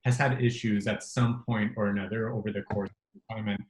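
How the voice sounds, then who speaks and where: Man, webinar host, low voice, measured explaining, roomy echo, video call. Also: fairly even intonation, a little hiss or hum. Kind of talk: webinar round-table discussion. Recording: echoey room.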